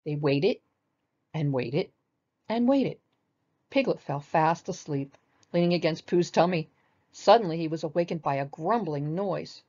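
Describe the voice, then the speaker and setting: A woman's voice: low-pitched, animated, measured pace, pauses often, darkish tone, lo-fi sound. Older woman reading a storybook aloud.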